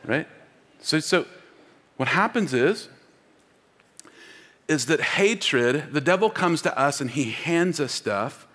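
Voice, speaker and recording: This man's voice is fairly high, expressive and fairly bright, slow-paced with long pauses. As pastor, he preaches emphatically in a church auditorium wearing a mic, leading the congregation in call-and-response, with long hall reverb on the recording.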